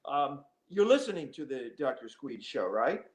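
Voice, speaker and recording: A middle-aged man, an actor, chatting as an interview guest in a lively, playful way. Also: mid-range voice, normal speed, roomy sound. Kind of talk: casual interview chat.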